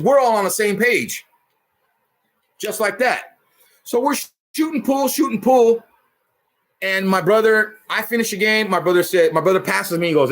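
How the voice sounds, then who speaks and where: A man casually telling a rough story in heavy profanity and street slang, punching it up with sound effects. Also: high voice, fairly bright tone. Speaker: storyteller host.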